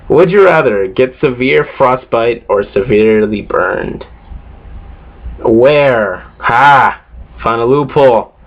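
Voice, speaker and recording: A teenage boy vlogging in a casual, rambling way, offhand and swearing a lot, tired from lack of sleep. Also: mid-range voice. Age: teens. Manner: profane, offhand, self-mocking. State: sleep-deprived. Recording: dull lo-fi home recording.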